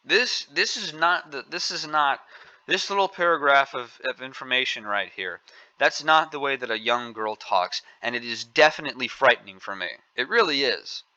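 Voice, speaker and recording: Angry guy ranting on his commentary channel, really sharp bright voice, kinda dull mic. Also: medium pitch, animated, moderate pace, dry recording. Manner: indignant, scolding, repetitive.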